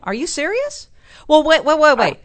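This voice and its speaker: A woman hosting a radio call-in advice show, chatty and animated, laughing at her own jokes. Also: high-pitched, normal speed. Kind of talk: casual call-in advice talk.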